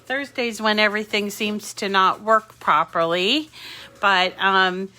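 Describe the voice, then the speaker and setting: Bright-voiced chatty woman crafter. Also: mid-range voice, steady tone, a little slow. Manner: chatty and rambling, with fillers and laughs. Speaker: crafting channel host. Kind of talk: casual live-stream chat. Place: home craft room with dogs and a squeaky toy.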